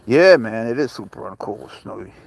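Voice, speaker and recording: A man's voice: fairly low pitch, lively intonation, normal speed, gravelly. A man from Spain with a New York accent, hosting a casual livestream chat on a phone, rambling and blunt, swearing freely as he answers viewers. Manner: rambling, blunt and profane, greets viewers by name. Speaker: livestream host with pet serval. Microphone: phone camera.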